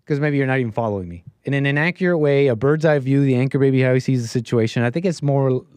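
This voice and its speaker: A man's voice: medium pitch, fast, darkish tone, clean tone, dry recording. A man hosting a live stream, talking casually and rambling through commentary with restarts and asides to his chat.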